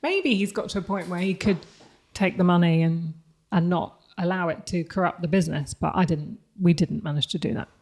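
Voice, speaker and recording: A woman's voice: on the low side, a little fast, darkish tone. A woman, speaking candidly and reflectively as a podcast guest, laughing often. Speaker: guest, company CEO. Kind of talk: podcast interview conversation.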